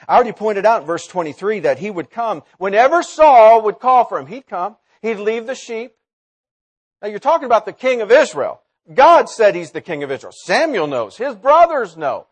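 A man preaching a sermon in a college chapel, swinging between loud emphatic lines and low quiet asides. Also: sing-song, normal speed.

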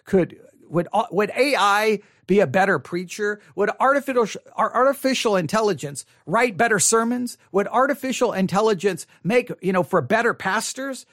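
A man's voice: sits high, expressive, normal speed, hardly any pauses, a bit bright, no room sound. A man, a pastor, talking earnestly to the camera from a studio and thinking aloud with many restarts. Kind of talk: reflective monologue to camera.

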